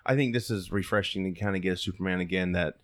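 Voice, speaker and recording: A man's voice: low-pitched, fairly even intonation, quick pace. A man chatting casually with friends, rambling with frequent restarts and fillers. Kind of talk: casual podcast chat.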